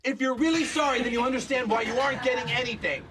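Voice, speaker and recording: A shrill, bratty cartoon boy, wheedling and falsely innocent as he argues his case. The voice sits very high and sounds set back from the microphone, like a cartoon soundtrack heard from a distance. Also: steady tone, fast talker, noisy background. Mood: mock-innocent. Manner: whiny mock-innocent reasoning. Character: bratty scheming boy, fake-contrite. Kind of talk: cartoon voice acting.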